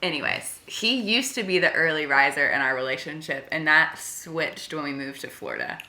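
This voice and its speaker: A young woman co-hosting a casual chat, telling animated stories and laughing often. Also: low-pitched, moderate pace. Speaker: co-host. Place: bedroom. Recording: echoey room.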